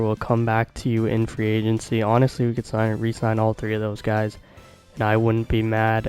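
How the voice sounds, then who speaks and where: A man hosting a video game channel, giving chatty, excitable commentary and talking to his viewers in slang. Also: mid-range voice, rough recording. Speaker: gaming video host.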